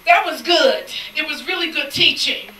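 A woman preaching a sermon, telling a lively story and acting out the people in it, sometimes shouting and laughing. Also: high voice, moderate pace. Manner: animated storytelling, acts out quoted people; shouts and laughs between lines. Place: church sanctuary. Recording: echoey church sound from a distant mic.

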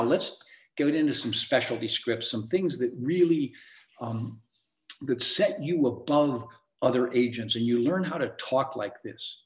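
A man's voice: medium pitch, a little mellow. A man teaching a sales seminar for real estate agents, with an emphatic coaching delivery. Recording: echoey room.

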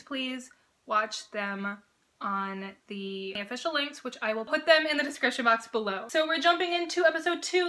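A young woman hosting a casual reaction vlog, gushing and excitable, laughing often and swearing freely. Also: sits high. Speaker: reaction video host.

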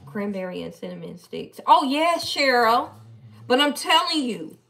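A woman chatting casually on a live stream, playful and animated as she talks back to her viewers. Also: fairly high pitch, a little slow, gravelly. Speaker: live-stream host reading viewer comments.

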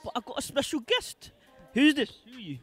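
A man's voice: very high voice, big pitch swings, a little fast, over loud music. Upbeat London man hosting outdoors. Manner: upbeat, teasing. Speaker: host. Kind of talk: street interview prompting passers-by. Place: busy street outdoors.

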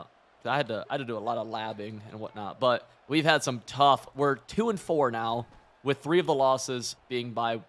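A young man giving loose, excitable commentary while playing a football video game, chatty and profane, laughing often. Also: mid-range voice. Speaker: gaming streamer. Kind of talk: live gameplay commentary.

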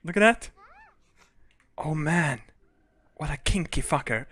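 Excitable crude man doing game commentary. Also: fairly high pitch, slow, husky, no echo. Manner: excitable, crude, shrieks and laughs loudly. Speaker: gaming video host. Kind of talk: let's play commentary.

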